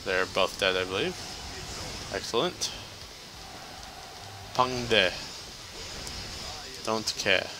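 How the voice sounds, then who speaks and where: A man's voice: on the low side, noisy background. A man giving casual, joking let's-play commentary as he plays, chatty and laughing often. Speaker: gameplay commentator.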